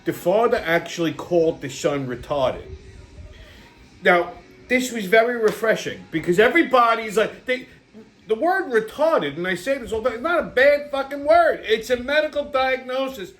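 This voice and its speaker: A man's voice: very high voice, animated, normal speed, a bit bright, faint music behind. A middle-aged man, hosting a show and telling a rambling, blunt story full of swearing and fillers. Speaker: show host. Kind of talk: casual rambling monologue.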